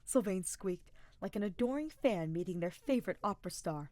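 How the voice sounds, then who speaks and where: A woman reading a fan-fiction audiobook aloud in steady, even storytelling. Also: lowish voice, brisk, few pauses, dry recording. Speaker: podfic reader.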